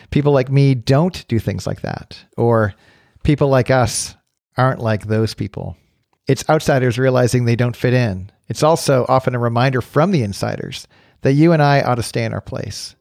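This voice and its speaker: A man hosting a podcast, reading a measured scripted introduction and then talking casually with his guest. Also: medium pitch, darkish tone, no room sound, studio quality. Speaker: podcast host.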